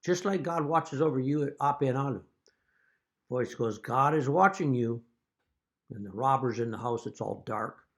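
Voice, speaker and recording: Father figure, middle-pitched voice, earnest and accusatory, measured direct-to-camera delivery. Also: steady tone. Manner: slips into a wry joke-telling aside. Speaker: father speaking to his children. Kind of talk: direct-to-camera video message.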